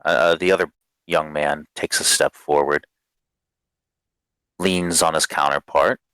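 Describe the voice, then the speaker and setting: A man narrating a tabletop game as game master in a casual, halting way full of fillers. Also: extremely low pitch, fairly even intonation, fairly bright tone, clean tone, dry recording.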